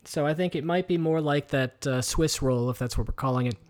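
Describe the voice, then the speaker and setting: On a headset microphone with headphones in his home kitchen, a male podcast co-host talks on the high side and fairly quickly. His casual delivery wanders, packed with fillers and frequent restarts.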